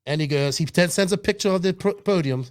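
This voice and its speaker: Heated, fairly high-voiced male podcaster. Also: quick pace. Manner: heated, emphatic and profane, with restarts. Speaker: podcast co-host. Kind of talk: casual podcast chat.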